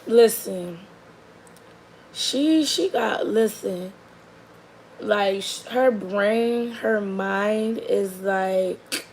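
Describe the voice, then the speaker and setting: Young mom vlogger with a gravelly voice, rambling storyteller who drifts between lively and quiet asides. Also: female voice, drawn-out words, long pauses, slight background noise, poor audio. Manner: rambling and animated, with many likes and restarts; drops to a soft, low murmur for long stretches. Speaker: mother telling a story about her daughter. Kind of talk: casual storytelling to the camera.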